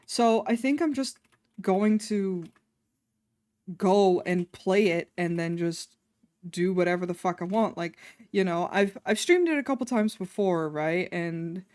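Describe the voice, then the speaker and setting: A woman's voice: on the low side, a little slow, a little mellow, clear, resonant tone, no echo, clean studio sound. A woman streaming casually, chatting with her viewers in a rambling, offhand way and swearing now and then.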